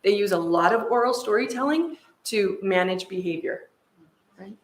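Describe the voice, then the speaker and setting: A woman's voice: mid-range voice, normal speed. American woman lecturing in an echoey room. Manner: animated storytelling, frequent "right?" checks. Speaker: seminar presenter. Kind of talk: lecture with personal anecdote.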